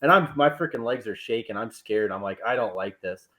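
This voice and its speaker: A young man casually telling a story among friends on a podcast, laughing and swearing as he gets excited. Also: lowish voice, a little fast. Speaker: podcast co-host.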